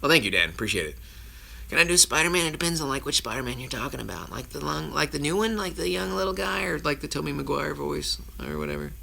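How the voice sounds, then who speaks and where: A voice actor streams casually from his phone at home with his kids nearby, answering viewer questions in a rambling way, often cutting himself off and chuckling. His voice is fairly high and sing-song, quick, creaky and bright, with a forceful tone.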